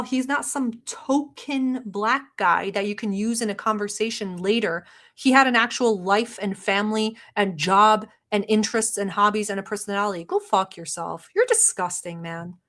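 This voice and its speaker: A woman's voice: medium pitch, animated, moderate pace, a bit bright. A woman vlogger who grew up in the Middle East, speaking English as a non-native, giving blunt, sarcastic, profane reaction commentary. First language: not English.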